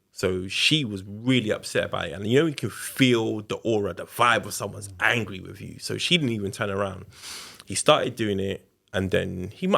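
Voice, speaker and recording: Podcast guest: man, low register, gravelly fry, candid conversational storyteller. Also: sharp tone. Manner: candid, conversational, re-enacts quotes. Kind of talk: casual storytelling interview.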